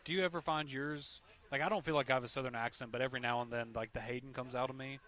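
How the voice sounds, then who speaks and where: A man hosting a radio talk show, relaxed and agreeable. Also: medium pitch, rapid-fire. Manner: relaxed, agreeable, reads promos. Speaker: radio host. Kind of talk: casual sports radio chat.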